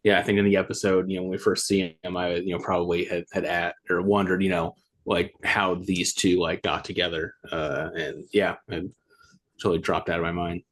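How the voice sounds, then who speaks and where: Very deep-voiced hesitant man. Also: flat delivery, fairly quick, fairly bright tone. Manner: hesitant, many fillers and restarts. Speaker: podcast co-host. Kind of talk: casual discussion.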